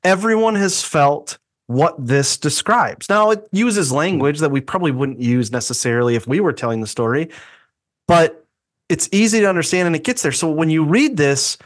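A man's voice: fairly high pitch, moderate pace. A man co-hosting a faith podcast, chatting casually and acting out quoted voices. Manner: animated, acts out quoted voices. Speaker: podcast co-host.

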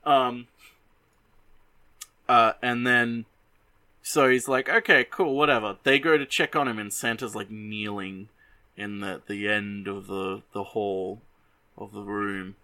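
A young adult man hosting a show who casually retells a movie in animated bursts. He swears freely and often restarts his sentences. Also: on the low side, slow, pauses often. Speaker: host.

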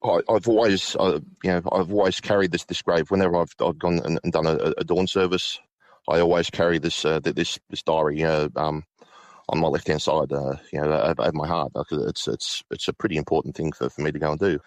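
A middle-aged man recounting a personal ghost story, halting with many restarts and fillers. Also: extremely low pitch, fairly even intonation, no room sound. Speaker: guest.

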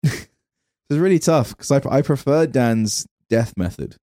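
A man hosting a comedy podcast, with a lively voice that rises and falls a great deal. He keeps the talk playful and questioning. The recording is close and dry. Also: medium pitch, measured pace, no echo. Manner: animated, playful, asks questions. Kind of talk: casual comedy chat.

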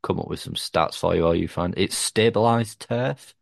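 A man's voice: deep voice, moderate pace, creaky, no echo, studio quality. A man hosting a podcast, chatting casually and joking about wrestling. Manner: jokey, banters about wrestling. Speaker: podcast host. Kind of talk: casual chat.

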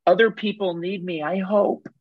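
A man's voice: sits high, fairly even intonation, normal speed, no room sound, voice pushed up. A man voicing an overeager helper in the rescuer role, listing his feelings in an earnest, self-assured way over dull, dry call audio.

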